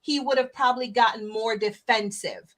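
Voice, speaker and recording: A woman coach explaining with lively examples, acting out bits of dialogue and checking in with "right?". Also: a little high, normal speed. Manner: animated storyteller acting out dialogue, frequent "right?". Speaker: certified coach, guest.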